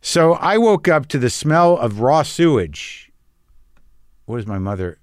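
A man's voice: a little high, sing-song, a little slow, dry recording, studio quality. A man hosting a podcast, talking in a wry, anxious, profane ramble. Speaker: podcast host. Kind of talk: rambling casual monologue. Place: lives on the West Coast.

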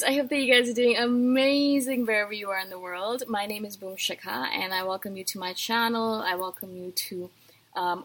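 A woman's voice: medium pitch, fairly bright tone, a little hiss or hum. A woman hosting her own podcast, talking casually and animatedly in a chatty, self-deprecating way. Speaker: podcast host. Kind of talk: casual solo talk.

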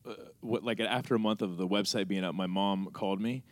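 At a screening venue, an American man serving as a panelist answers audience questions by telling a personal story, animatedly acting out both his side and his mother's side of a conversation. His voice is lowish and a little fast, on a dry recording.

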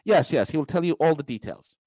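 A man's voice: a little high, expressive, fast talker, a little mellow, no room sound, rough recording. A man hosting a podcast, delivering a sarcastic, mocking political monologue with emphatic bursts. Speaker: podcast host.

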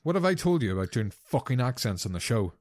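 Teasing man with a lively, sweary delivery. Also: medium pitch, fast, heavy background noise. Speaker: podcast co-host. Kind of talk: casual gaming chat.

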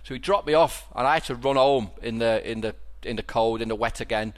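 A brisk, medium-pitched male voice with a Scouse accent belongs to a casual podcast host from Liverpool, England. His storytelling rambles, with lots of restarts and repeated words.

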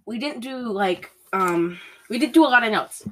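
A woman's voice: a little high, expressive, moderate pace, rough recording. A woman co-hosting a podcast, chatting casually and rambling as she acts out bits of movie scenes. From Polish heritage. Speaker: podcast co-host. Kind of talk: casual chat.

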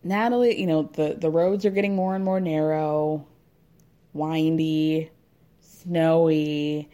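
A recap podcast host with a low, dark voice speaks slowly and with fairly even intonation. Casual and chatty, she recaps a reality show, laughing often and doing mock voices to quote people.

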